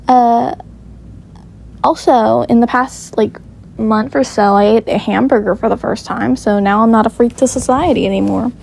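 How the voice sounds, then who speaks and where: A woman's voice: a little high, steady tone, moderate pace, creaky, a little mellow, poor audio. A woman reading her own story aloud in a casual, offhand way, laughing and commenting on it as she goes. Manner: offhand, giggly, self-commenting.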